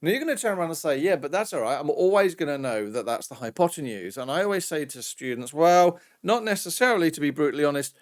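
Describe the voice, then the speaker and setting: A man's voice: on the high side, expressive, quick pace, few pauses. A British man teaching a recorded maths lesson in a chatty, jokey way with self-mocking asides. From Britain.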